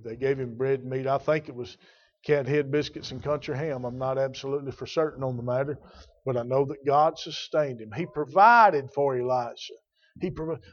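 A man preaching a Baptist sermon, telling stories in a folksy way that drops to a hush and rises to a shout. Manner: folksy storytelling, swinging from hushed to booming. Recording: dull lo-fi recording.

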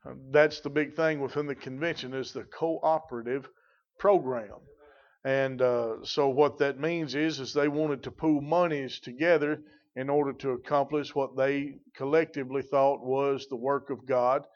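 A man preaches in a folksy, rambling way, full of fillers and asides. His voice sits at an ordinary middle pitch. The recording is dull and lo-fi. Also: fairly even intonation, moderate pace. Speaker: pastor. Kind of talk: sermon.

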